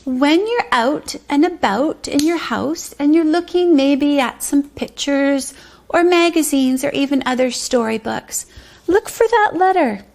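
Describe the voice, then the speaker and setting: A woman teaching a pre-kindergarten circle lesson, speaking slowly and drawing out words in a sing-song way for small children. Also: high voice, gravelly, a little mellow. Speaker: preschool teacher.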